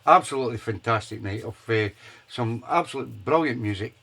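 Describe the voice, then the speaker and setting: A man's voice: medium pitch, lively intonation, brisk, creaky, fairly bright tone, slightly rough. A man, hosting a live soul radio show in a chatty, enthusiastic way with loose hesitations. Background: music playing.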